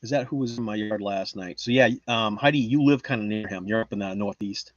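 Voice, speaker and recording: A man's voice: lowish voice, a little fast, no room sound, highs cut off. Joking, rambling man on a livestream. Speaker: livestream host. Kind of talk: casual livestream chat, reading chat.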